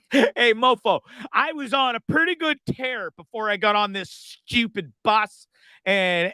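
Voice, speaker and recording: A man hosting a livestream, rambling through casual comedic chat with an animated manner and crude jokes. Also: high voice, no room sound. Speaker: livestream host.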